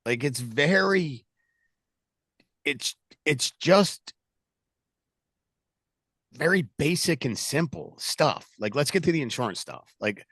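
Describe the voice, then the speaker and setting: A middle-aged man talks shop with his sales agents in a loud, animated coaching chat. His voice sits fairly high and has a gravelly edge, recorded close and dry. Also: slow pace, pauses often, no echo. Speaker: sales team leader.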